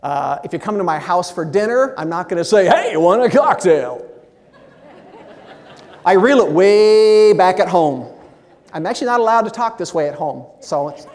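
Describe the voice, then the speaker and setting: A man giving a keynote speech at a meeting, with lively, shifting inflection. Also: high voice. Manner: animated, expressive inflection. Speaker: motivational speaker. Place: large meeting hall. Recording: long hall reverb.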